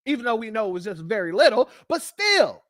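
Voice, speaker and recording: Very high-voiced man ranting combatively. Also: big pitch swings, a little fast, a bit bright, no room sound, studio quality. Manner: combative, lists points one by one. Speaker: livestream host. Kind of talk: heated commentary.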